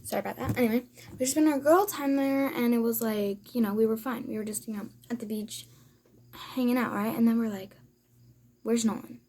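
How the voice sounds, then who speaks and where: A woman's voice: a little high, fairly even intonation, a little fast, a little mellow, a little hiss or hum. A woman chatting casually in her room for a storytime vlog, rambling with lots of fillers and now and then slipping into a whisper. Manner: rambling, filler-heavy, sometimes dropping to a whisper. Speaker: vlogger.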